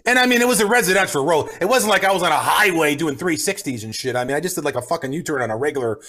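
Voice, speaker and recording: A man telling a story in a casual podcast chat, swearing freely and acting out his own shouts. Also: on the high side, animated, very fast. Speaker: podcast co-host.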